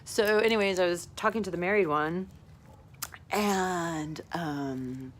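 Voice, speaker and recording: Speaking slowly in a lowish voice, a woman delivers a confessional vlog monologue over slight background noise. She's casual, rambling and gushing, leans heavily on "like," and keeps laughing mid-sentence.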